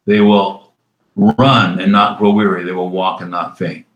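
A pastor preaching a sermon. He reads scripture slowly and breaks into quick, conversational asides. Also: low voice, level tone, dull audio. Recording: roomy echo.

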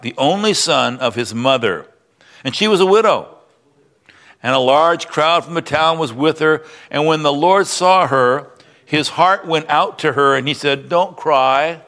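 A man's voice: a little high, sharp tone. A male pastor preaching a sermon, reading a Bible passage aloud and then explaining it in a conversational teaching manner.

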